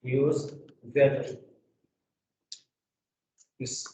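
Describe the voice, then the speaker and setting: A man teaching an English grammar lesson, asking the class rhetorical questions and filling pauses with "you know". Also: mid-range voice, little pitch movement, warm tone, recorded from a distance, a little hiss or hum. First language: Arabic. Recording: echoey classroom taped from afar.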